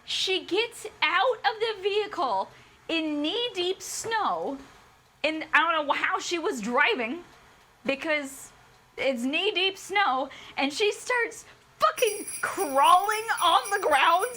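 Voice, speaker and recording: A woman's voice: very high voice, expressive, takes it slowly, sharp tone. A woman streamer ranting a profane, sarcastic book review.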